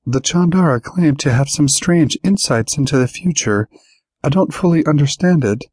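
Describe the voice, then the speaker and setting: A man's voice: on the high side, lively intonation, moderate pace, darkish tone, husky, no echo, pitched above the performer's own voice. A man voicing a blunt young woman steering a raft in an audiobook, clipped and commanding. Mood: firm.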